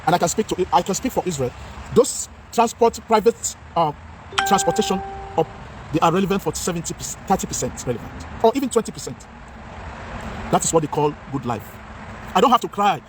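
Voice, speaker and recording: A high, quick-talking Nigerian man vlogs outdoors on a city street, switching between English and Pidgin. He repeats his points with great passion. Faint traffic noise runs underneath his voice. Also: very animated. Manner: impassioned, repetitive, mixes Pidgin with English. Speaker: vlogger. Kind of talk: outdoor talking-head vlog.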